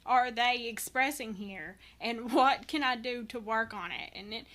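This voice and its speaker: A woman in her thirties speaks as a podcast guest. Her voice sits a little high and sounds bright and forceful. She talks earnestly and rambles through restarts. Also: measured pace. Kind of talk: candid personal conversation.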